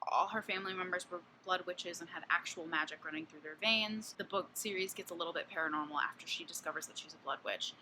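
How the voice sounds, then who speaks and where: A young woman in her twenties chats through her monthly book reviews with a lower-pitched but bright, ringing voice. She talks bluntly and candidly, swears freely and fills her sentences with casual fillers. There is a faint hiss behind her. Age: 20s.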